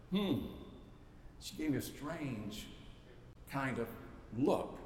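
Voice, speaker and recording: A man's voice: medium pitch, lively intonation, very slow, long pauses, a little mellow. A male pastor preaching a sermon with emphatic, repetitive rhetorical build-ups. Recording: echoey church hall, faint noise.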